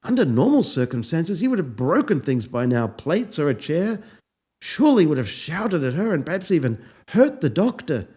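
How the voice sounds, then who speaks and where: A man, a professor, narrating a story in a dry, deadpan, unhurried manner. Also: on the high side, slightly rough.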